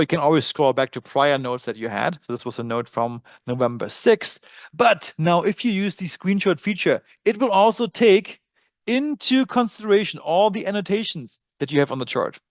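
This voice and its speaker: Slightly high and German-accented, this man's voice comes through at studio quality without any room sound. He's hosting a live trading webinar over screen share, chatting loosely, reasoning out loud, and using lots of fillers.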